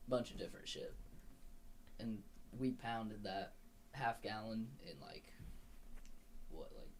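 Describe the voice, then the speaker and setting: A young man with a lowish voice drawls his way through a party story, loose and unhurried. A faint hum of room noise sits under him. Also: rough recording. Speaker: guest. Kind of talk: casual storytelling chat.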